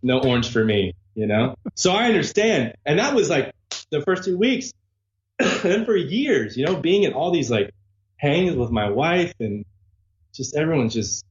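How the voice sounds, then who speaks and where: A man, a guest musician, telling lively anecdotes in casual conversation and mimicking the people in them. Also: a little high, unhurried, reverberant, muffled recording. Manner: animated, imitates voices in anecdotes. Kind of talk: casual storytelling chat. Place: abroad in a Spanish-speaking country.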